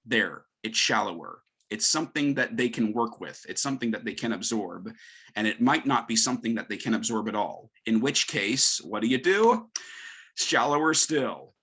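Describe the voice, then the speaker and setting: A male English teacher giving a conference talk, emphatic and lively, firing off rhetorical questions. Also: lowish voice, moderate pace, breathy edge. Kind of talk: conference presentation.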